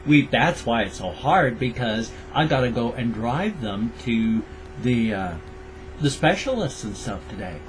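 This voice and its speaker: A man's voice: medium pitch, expressive, measured pace, background noise. An older American man rambling in a casual daily vlog, tender and repetitive as he talks about his pets. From United States. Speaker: vlogger.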